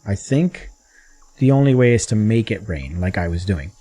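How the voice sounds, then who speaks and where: A man casually talking through his gameplay as a gaming channel host, chatty and rambling, getting excited at times. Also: lowish voice, normal speed.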